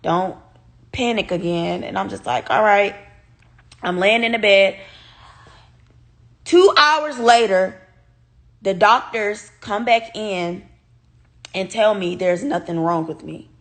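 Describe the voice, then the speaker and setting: A young woman speaking tells her viewers a personal story. She is animated and swears freely, talking straight to her audience in a casual storytime vlog. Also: medium pitch, takes it slowly, long pauses. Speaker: vlogger.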